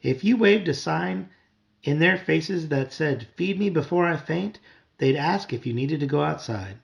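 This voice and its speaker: A man voicing a haughty, sarcastic pet cat in a storybook read-aloud, drawling slowly. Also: fairly high pitch, lively intonation, gravelly, dull audio.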